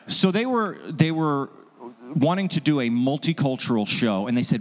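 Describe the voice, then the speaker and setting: Male comic host, animated storyteller who acts out the people in his story; slightly high voice, reverberant hall. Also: normal speed. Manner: animated, acts out quoted people with jumps in pitch. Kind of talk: stand-up storytelling.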